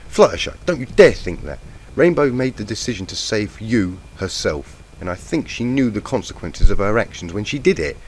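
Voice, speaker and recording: A man with a cold voicing a caring, steady young female unicorn in a raised, gentle voice, over a faint hiss from a poor mic. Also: lowish voice, normal speed, hardly any pauses, pitched above the performer's own voice. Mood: soothing firm. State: has a cold, croaky. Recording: noisy lo-fi mic.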